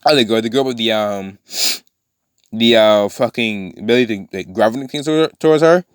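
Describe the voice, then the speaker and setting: A man's voice: fairly low pitch, brisk, smooth, no room sound, studio quality. A man casually retelling a fan story, rambling with many fillers and restarts.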